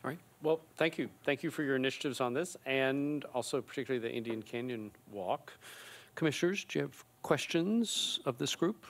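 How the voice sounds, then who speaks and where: A man chairing a city commission meeting, brisk and chatty with a joking side. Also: medium pitch.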